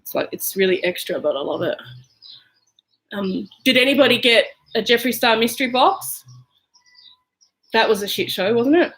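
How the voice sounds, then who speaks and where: A woman's voice: on the high side, animated, normal speed, pauses often, fairly bright tone, rough recording. A woman with an Australian accent, chatting casually and rambling through her makeup routine at home, with plenty of "um" and "like". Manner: chatty and rambling, lots of fillers. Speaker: beauty vlogger.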